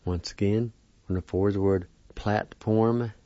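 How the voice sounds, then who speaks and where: A man with a deep, dark voice teaches vocabulary at a slow, patient pace, spelling words out letter by letter and saying each one again and again. The recording is dry and dull, like an old lo-fi radio broadcast. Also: steady tone, no room sound. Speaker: language teacher on a radio program.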